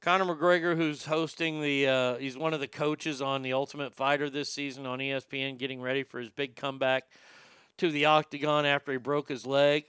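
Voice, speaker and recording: Loud, sarcastic ranting male podcast host. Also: mid-range voice, flat delivery, a little fast, clean tone, dry recording. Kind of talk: opinionated talk show rant.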